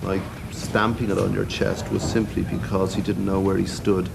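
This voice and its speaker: Blunt guy with a gravelly voice, lowish. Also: little pitch movement, normal speed, heavy background noise. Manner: blunt, candid. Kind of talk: interview.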